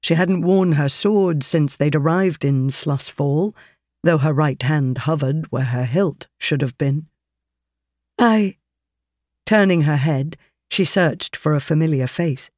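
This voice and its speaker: Audiobook narrator, mid-pitched, steady, dry close recording. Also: unhurried, no room sound. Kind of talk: scripted narration.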